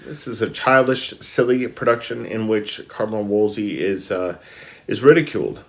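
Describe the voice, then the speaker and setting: A man's voice: on the low side, moderate pace. A man talking casually about a novel he is reading, reading passages aloud, with many ums and restarts. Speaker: book reviewer. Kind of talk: casual book discussion with read-aloud passages.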